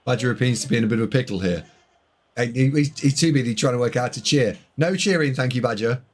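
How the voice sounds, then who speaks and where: A man's voice: medium pitch, fast talker, darkish tone. A man streaming a board game live, bantering and teasing with his chat in casual commentary.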